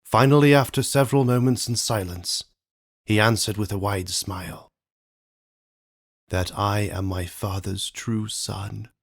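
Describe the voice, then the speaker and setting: A solemn, tender father rabbit, read by a man, tells an old tale to his children. His delivery is earnest and halting. It is a storybook figure in a low male voice. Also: fairly even intonation, creaky. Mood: solemn, grieving. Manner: earnest, halting, voice breaking with emotion.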